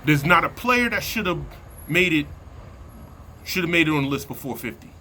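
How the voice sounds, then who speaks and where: A man's voice: lively intonation, moderate pace, bright, forceful tone, slight background noise. Fired-up man ranting about football. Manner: worked-up, slangy, repeats himself, drops to low mutters. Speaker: sports fan vlogger. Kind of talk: heated sports opinion rant.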